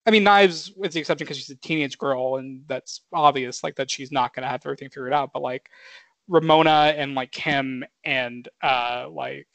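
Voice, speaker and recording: A man's voice: medium pitch, fairly even intonation, moderate pace, gravelly, a bit bright, dry recording. A man co-hosting a film podcast, talking casually with lots of fillers, swearing and laughing. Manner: rambling, filler-heavy, swears, laughs often. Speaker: podcast co-host.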